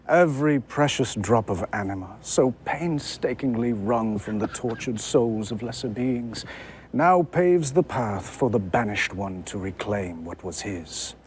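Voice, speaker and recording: A man's voice: mid-range voice, slight background noise, voice pushed down, lightly acted. A man voicing a grandiose, menacing vampire lord with theatrical delivery.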